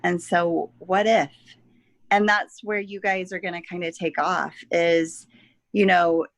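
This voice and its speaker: A woman co-hosting a podcast in a Southern US accent, her pitch sitting a little low. She talks in a reflective, unhurried way and stretches out her phrases. The sound is dry and close, with no room echo. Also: gravelly. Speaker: podcast co-host. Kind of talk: casual podcast chat.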